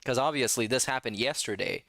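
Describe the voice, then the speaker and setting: A man's voice: medium pitch, a little fast, creaky, fairly bright tone, no echo. A man hosting a casual reaction commentary, talking in a sarcastic, mocking way. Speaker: commentary channel host.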